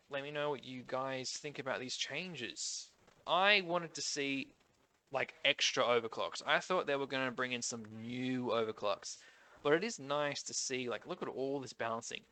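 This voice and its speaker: Australian man, nasal, bright forceful tone, casual gaming commentator. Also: mid-range voice. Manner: chatty, rambling, thinks aloud. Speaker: gaming YouTuber. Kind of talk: casual commentary on update notes.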